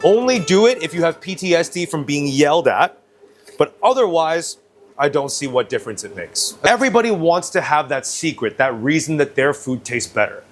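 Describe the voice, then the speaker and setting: A young Chinese man hosts a casual cooking demonstration as chef, bluntly explaining each step with jokes and frequent profanity. His voice is on the high side, expressive and at normal speed, with music playing underneath.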